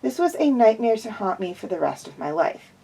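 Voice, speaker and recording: A woman with a mid-range, gravelly, slightly rough voice and a dark tone reads first-person fan fiction aloud, very animated and brisk. Like an amateur storybook narrator, she slips often and corrects herself, all on poor-quality audio.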